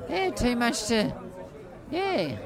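A man in his forties with an Australian accent and a high voice often mistaken for a woman's, rambling through stories in an animated, playful way. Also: slow, gravelly. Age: 40s. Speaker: street performer jester. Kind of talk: casual storytelling interview. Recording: faint crowd outdoors.

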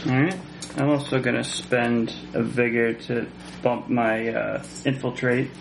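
A man playing a tabletop game, talking casually and haltingly. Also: mid-range voice, level tone, gravelly, background noise. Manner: casual, halting, laughs often. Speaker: player.

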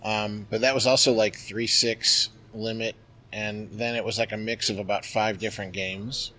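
A man's voice: fairly low pitch, normal speed, a little hiss or hum. A middle-aged man guesting on a podcast, spinning anecdotes in a loose, chatty way. He piles on fillers and keeps the story rolling. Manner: lively, chatty, filler-heavy. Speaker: guest, poker player. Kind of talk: interview storytelling.

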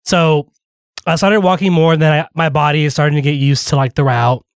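A man's voice: on the high side, steady tone, a little fast, vocal fry, clear, resonant tone, no room sound, studio quality. A man co-hosting a radio show, telling a rambling story in casual chat, full of fillers and restarts, with a slight lisp from retainers.

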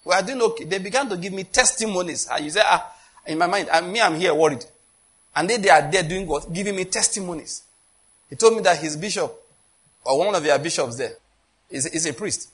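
With a husky, fairly bright, high-pitched voice and a slightly quick pace, this Nigerian-accented preacher tells his sermon like a story. He performs the quoted lines and keeps checking that listeners follow him.

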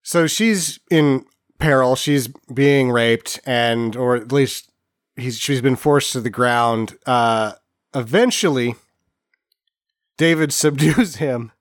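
A man's voice: mid-range voice, slow, no room sound. A man in a casual chat recapping a movie with wry, dry humor.

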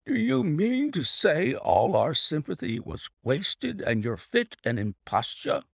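A man reading an audiobook, voicing a hearty old army colonel who exclaims slowly in a higher tone. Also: very animated, no room sound, clean studio sound. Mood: amazed.

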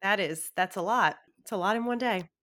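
A woman co-hosting a casual podcast, reacting with supportive, quick comments. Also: mid-range voice, a bit bright. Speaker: podcast co-host. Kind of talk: casual chat.

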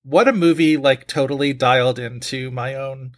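A man's voice: medium pitch, fairly even intonation, moderate pace. A man hosting a podcast, chatting casually and joking, with frequent fillers. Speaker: podcast host.

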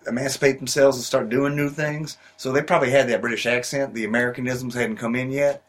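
A man's voice: mid-range voice, fairly even intonation, quick pace. A man improvising a comedy scene, rambling in a playfully dim way.

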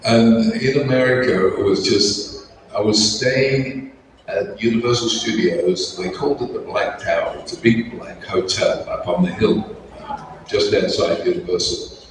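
A man's voice: lowish voice, measured pace, far from the mic. An older man with an Australian accent, a guest on a convention panel telling anecdotes with chuckles and acting out the people he quotes. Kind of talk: anecdotal storytelling. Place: large convention hall. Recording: echoey hall with crowd noise.

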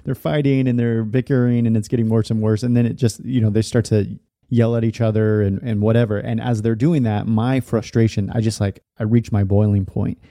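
A man's voice: on the low side, steady tone, fairly quick, dark tone, no room sound, clean studio sound. A man in his thirties, a podcast host, candidly telling a personal story in a loose, rambling way full of fillers. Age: 30s.

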